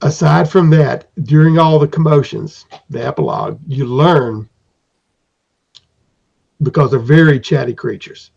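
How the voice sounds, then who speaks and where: A man narrates an improvised tabletop adventure as game master, rambling with fillers and restarts. His voice is gravelly, husky and dark. The recording is dull and lo-fi. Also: fairly high pitch, unhurried.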